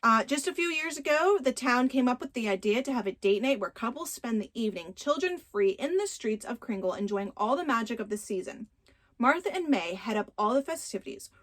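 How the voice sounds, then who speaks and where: A woman voicing a gushing, gossipy small-town woman who gets excitable and squealy. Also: on the high side, brisk. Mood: eager.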